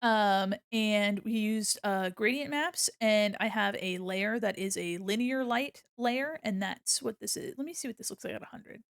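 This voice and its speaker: Giggly woman streamer with a gravelly edge. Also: mid-range voice, measured pace, few pauses, no room sound, clean studio sound. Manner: chatty and giggly, explains her steps as she works. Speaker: art streamer. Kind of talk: casual livestream chat while drawing. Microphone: desk microphone.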